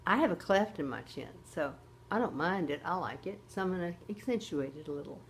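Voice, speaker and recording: A woman's voice: on the low side, expressive, brisk, a little hiss or hum. An older woman hosting a casual makeup tutorial, chatty and often checking in with her viewers. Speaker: host.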